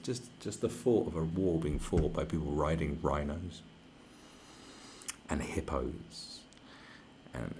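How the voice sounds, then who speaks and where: A young man with a very low, gravelly voice rants crudely on a livestream. He rambles and puts on mock outrage, sometimes dropping into mocking voices. A faint ambient noise hums behind him. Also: a little mellow. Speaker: livestream host. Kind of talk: profane comedic rant on a livestream.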